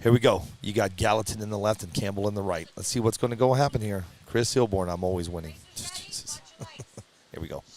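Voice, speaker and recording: A man hosting a live stream who calls the races in a chatty, easygoing way and shouts with excitement at a surprise win. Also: on the low side, quick pace, few pauses. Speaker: race announcer and livestream host. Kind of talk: casual live race commentary. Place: at a drag racing event.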